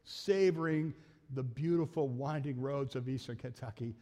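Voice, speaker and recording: A middle-aged man, a pastor, preaching a sermon in a folksy way, rising to loud emphatic peaks and dropping back to asides. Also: medium pitch, moderate pace. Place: church sanctuary. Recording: long reverb of a church hall.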